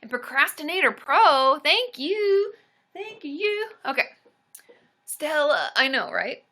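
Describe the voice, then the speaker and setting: A bubbly, excitable woman hosts a casual livestream, chatting with viewers. Her voice is bright, fairly high, and lively, climbing and dipping as she cheers the chat on. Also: takes it slowly. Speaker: livestream host and counselor.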